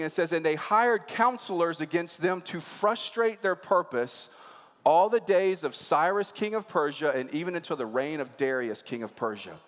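A man's voice: on the high side, long reverb tail. A man preaching a sermon as pastor, talking conversationally and asking the congregation rhetorical questions.

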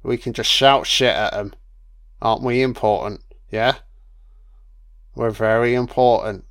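A man's voice: medium pitch, fairly even intonation, measured pace, a bit bright. A man voicing a smug, scheming sheriff, boastful and crude, in a sneering mocking tone.

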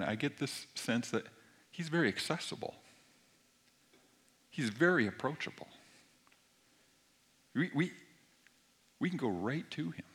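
A middle-aged man preaching a sermon, moving between soft near-whispered lines and forceful emphatic passages. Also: medium pitch. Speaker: pastor.

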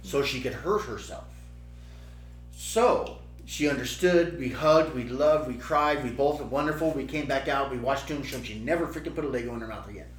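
A middle-aged man telling a story in casual chat, lively and acting out the quotes. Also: mid-range voice, normal speed. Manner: animated, acts out quotes. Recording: roomy room echo with faint hum.

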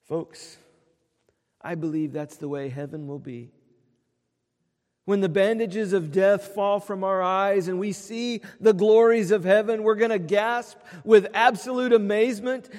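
A man preaching a sermon, earnest, dropping quiet for tender quotes and swelling on lists. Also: high voice, unhurried. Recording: long hall reverb.

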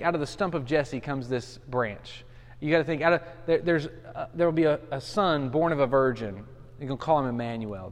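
A pastor in his forties leads a Bible study in an earnest, conversational way, often restarting his sentences. His voice sits a little high for a man. The sound trails off in a long, hall-like reverb. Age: 40s. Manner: casual and earnest, with many restarts and fillers.

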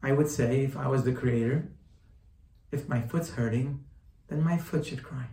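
A man's voice: medium pitch, moderate pace, warm tone. A man giving a sermon-style Torah lesson, quoting Hebrew texts and translating them, asking rhetorical questions and repeating phrases for emphasis. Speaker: rabbi teaching Torah. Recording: echoey room, voice from far off.

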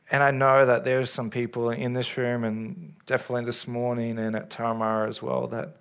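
A man preaching in a church, speaking as a pastor in an earnest, caring way with halting restarts, into a stage microphone. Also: mid-range voice, creaky. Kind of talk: sermon. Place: church service. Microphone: handheld or stage microphone.

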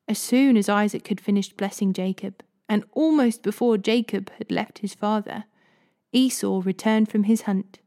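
A woman reading scripture aloud in a steady, expressive way. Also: mid-range voice, normal speed. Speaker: Bible reader.

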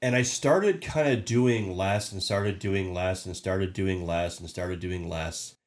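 A man's voice: low-pitched, slow pace. A man giving a casual motivational talk as a podcast host, emphatic and repetitive, often restarting his sentences. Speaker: podcast host and sales leader.

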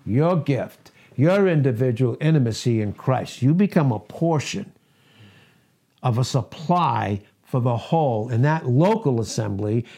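A man's voice: medium pitch, dark tone. A middle-aged man preaching a sermon, emphatic, asking rhetorical questions and repeating key words.

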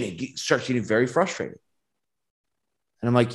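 A man's voice: medium pitch, big pitch swings, normal speed. A man, a business owner, telling stories in casual podcast talk and acting out quoted dialogue, laughing often.

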